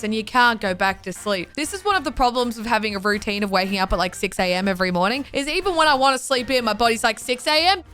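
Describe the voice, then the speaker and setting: Animated woman vlogging. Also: a little high. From Australia. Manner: animated, exasperated, acts out quoted reactions. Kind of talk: casual comedic vlog commentary.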